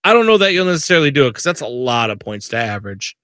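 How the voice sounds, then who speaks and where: Excitable bright-voiced man in sports talk. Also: mid-range voice, very fast, dry recording, studio quality. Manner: excitable, repeats and restarts phrases.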